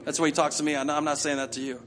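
A male pastor preaching a sermon with passion, acting out prayers in quick repeated bursts. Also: fairly high pitch, little pitch movement, a bit bright.

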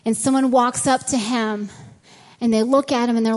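A woman's voice: on the high side, steady tone, normal speed, darkish tone, in a large hall. A woman preaching a sermon in a church, reading scripture and praying, earnest and conversational. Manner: earnest and conversational, acting out quoted dialogue. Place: church sanctuary.

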